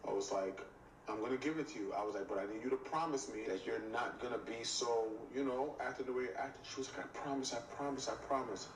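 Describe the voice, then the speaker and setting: A man telling an animated story, acting out both sides of the conversation with lots of "I was like". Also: medium pitch, fast talker, slight background noise. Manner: acts out both sides of the dialogue, often repeating "I was like". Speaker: reality TV cast member telling a story. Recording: echoey room, mic at a distance, faint ambience.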